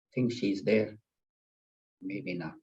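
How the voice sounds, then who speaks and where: A man's voice: fairly low pitch, slow pace, darkish tone, breathy edge, highs cut off. A man teaching a scripture class at a spiritual center, explaining patiently and repeating key points. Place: class at a spiritual center, also on video call.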